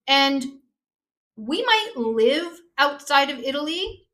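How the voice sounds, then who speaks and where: Female chef guest, high and bright voice, blunt and passionate, swears casually. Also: sing-song, takes it slowly. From Canada. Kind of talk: casual interview chat.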